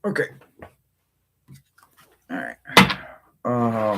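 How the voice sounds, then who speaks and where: A man hosting a tarot reading livestream, chatting casually with viewers and breaking into sudden high-pitched exclamations. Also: slow pace, long pauses, heavy background noise.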